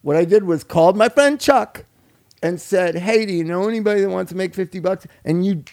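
A man's voice: sits high, brisk. A man hosting a casual podcast chat, telling stories with lots of laughter and swearing. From Los Angeles. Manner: swearing, laughing, animated storyteller. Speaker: podcast host.

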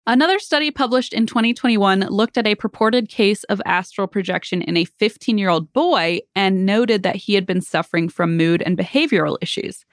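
A woman's voice: medium pitch, brisk, few pauses, dry recording. Chatty woman podcast co-host, dry sound. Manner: explains research in a chatty, joking way, laughs often. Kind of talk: casual chat.

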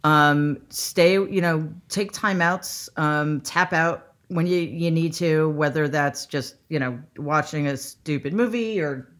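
A woman guest, a psychologist, talking casually with hesitant starts and frequent laughs. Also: deep voice. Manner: halting, self-deprecating, laughs through answers. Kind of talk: casual interview chat.

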